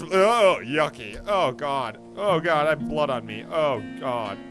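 A young man hosting a gaming video, animated, reacting aloud and joking in casual game commentary. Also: on the high side, a little slow, hardly any pauses. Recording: music playing underneath.

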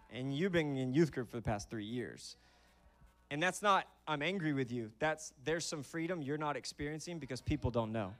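A young adult man preaching a sermon in a church, conversational and animated, acting out quick bits of dialogue as he tells stories. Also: on the high side. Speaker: pastor. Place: church auditorium.

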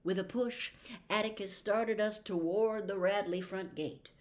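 Slow, deliberate woman narrator. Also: mid-range voice, fairly even intonation. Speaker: audiobook narrator. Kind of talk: scripted narration.

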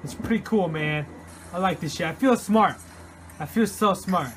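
A man playing a horror game and commenting casually, jumpy and swearing constantly, yelling and laughing at the scares. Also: high-pitched, normal speed, slight background noise. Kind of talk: casual let's-play commentary.

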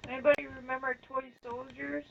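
A woman's voice: high-pitched, level tone, brisk, gravelly, highs cut off, a little hiss or hum. Woman co-streamer giving short replies. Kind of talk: casual chat on a live stream.

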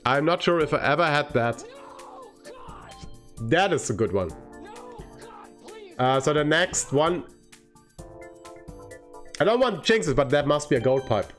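Excitable man streaming a game. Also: on the high side, measured pace, pauses often, soft background music. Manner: excitable, swings from groaning to cheering. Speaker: livestreamer. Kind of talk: live gameplay commentary.

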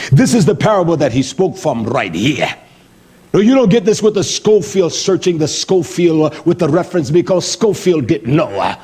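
A husky-voiced middle-aged man preaches with blunt force. His pitch jumps high and drops low all through, and his voice sits a little above most men's. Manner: lively, blunt preaching with swings from high exclamations to low mutters. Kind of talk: sermon.

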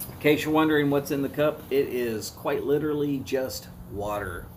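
A man's voice: mid-range voice, moderate pace, a little hiss or hum. A man with a Southern US accent hosting a live cigar review, chatting to viewers in a folksy way. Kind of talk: casual live-stream talk.

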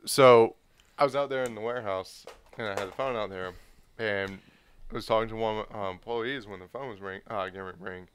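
A man's voice: lowish voice, fast talker, a bit bright, clear, resonant tone. A man in casual chat, telling a work story in a matter-of-fact way. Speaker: manager.

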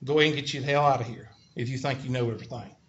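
A man's voice: mid-range voice, steady tone, very fast. A middle-aged man with a Southern American accent, a college instructor giving a blunt, folksy classroom lecture and tossing questions to the class. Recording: lo-fi, echoey classroom.

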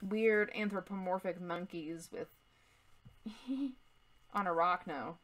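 A woman's voice: on the low side, takes it slowly, a bit bright. Giggly, teasing woman co-host. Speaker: co-host, the host's wife. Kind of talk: casual chat.

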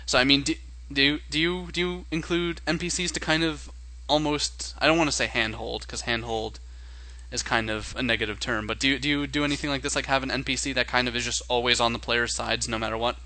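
Male co-host, bright forward tone, dry close sound, rambling casual talker. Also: medium pitch, steady tone, fairly quick, no echo, poor audio. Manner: rambling, thinks aloud. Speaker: podcast co-host and game master. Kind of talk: casual podcast chat.

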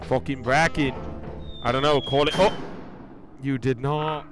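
A man's voice: mid-range voice, normal speed, over music. Man doing a put-on Australian gamer. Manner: loud, swearing, excitable. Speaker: gamer streaming with friends. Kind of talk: casual game chat.

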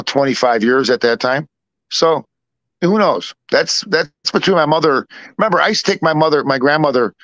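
A middle-aged man spins a long family story in loose, repetitive chat, playing every voice in it himself. His voice sits a little high for a man. The sound is close and dry, with no room around it. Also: a bit bright, dry recording. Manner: rambling, repeats himself, acts out both sides of dialogue. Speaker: podcast co-host. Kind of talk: casual storytelling.

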